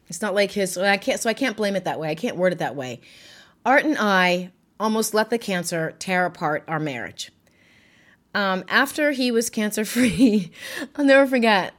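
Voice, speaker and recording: A widow speaking candidly and emotionally about her life, laughing often and swearing now and then. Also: medium pitch. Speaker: widow sharing her story. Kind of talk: candid personal talk.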